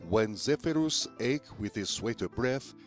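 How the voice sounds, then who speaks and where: A man reading medieval poetry aloud in a slow, deliberate manner. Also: mid-range voice, animated, faint music behind, natural voice. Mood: grave. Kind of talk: recited Middle English verse.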